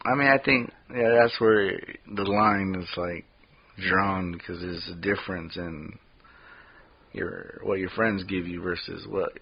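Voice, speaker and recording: A man co-hosting a podcast in casual chat, talking haltingly with many restarts and easy laughter. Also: low voice, creaky, slightly rough, lo-fi sound. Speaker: podcast co-host.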